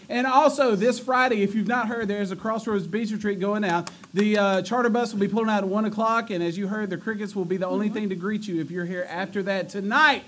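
A man hosting a church youth night, joking, teasing the crowd and running announcements. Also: high-pitched. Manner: joking, energetic, stumbles and teases the audience. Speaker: youth pastor. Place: church youth room with a live audience.

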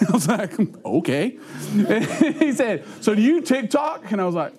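High, lively-voiced man telling a funny story. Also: measured pace, a crowd in the background. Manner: laughs often mid-sentence, animated, acts out quotes. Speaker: youth pastor. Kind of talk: humorous storytelling talk to teenagers.

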